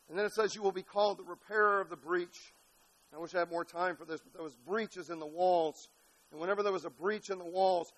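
A man preaching an impassioned sermon, building to shouted peaks and dropping to quiet, low passages. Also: rough recording. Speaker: pastor.

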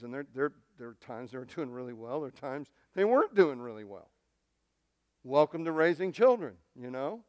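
Man, middle-aged pastor, sermon, earnest storytelling, smooth resonant voice, dry close sound. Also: a little high, dry recording. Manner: earnest, storytelling, frequent restarts.

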